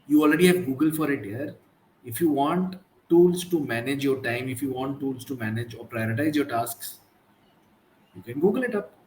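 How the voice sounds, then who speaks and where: A man with an Indian English accent hosting a casual live-stream talk, chatting loosely and slipping in quick Hindi asides. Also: medium pitch. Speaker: host of a live productivity talk. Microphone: live stream from computer. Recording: roomy echo, faint background noise.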